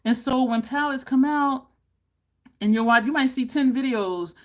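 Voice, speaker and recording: A woman beauty vlogger chatting to camera, animated and laughing often, with high exclaimed reactions. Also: normal speed. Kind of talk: casual chat to camera.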